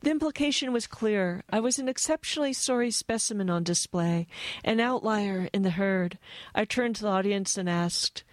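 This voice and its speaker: An American woman reading aloud from her own essay and talking about it, thoughtful and wry, with a flat voice and frequent asides. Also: mid-range voice, normal speed, hardly any pauses, no room sound. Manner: thoughtful, wry, given to digressions. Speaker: author.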